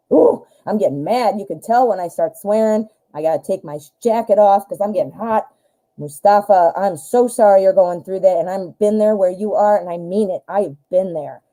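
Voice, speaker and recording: Woman, live tarot host, very dark mellow timbre, blunt and emphatic, protective of her viewers. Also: mid-range voice, low-quality recording. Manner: emphatic, scolding, protective, swears when heated. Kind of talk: live-stream advice chat.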